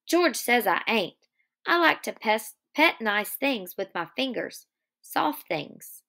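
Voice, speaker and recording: A woman's voice: a little high, big pitch swings, takes it slowly, gravelly, bright, forceful tone, heavily acted. A woman reading aloud as a simple-minded, earnest farmhand man with a childlike, pleading manner. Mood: eager.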